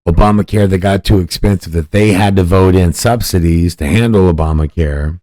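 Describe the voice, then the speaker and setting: Profane ranting man, very deep voice. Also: a little fast, warm tone, no echo, clean studio sound. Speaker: podcast host. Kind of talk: profane political commentary.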